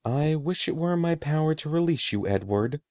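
A man reading the lines of a gentle, ominous old sorcerer, slow, soft and solemn. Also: a little high, expressive, dry recording, clean studio sound, voice pushed up.

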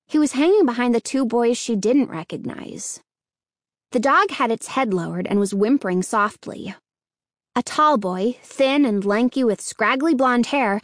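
A woman narrating a children's chapter book in a steady, clear storytelling manner. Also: fairly high pitch, no echo, studio quality. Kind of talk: scripted audiobook narration.

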